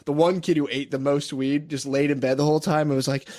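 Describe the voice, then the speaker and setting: A man's voice: on the high side, little pitch movement, fast, dark tone. A young man co-hosting a podcast, telling rambling, profane stories in casual chat and laughing often. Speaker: podcast co-host.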